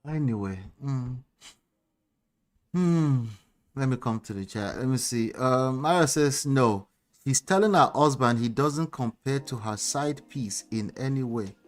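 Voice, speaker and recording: A man hosting a commentary show, reacting to celebrity clips with animated, incredulous questions and reading comments from the chat. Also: medium pitch, measured pace.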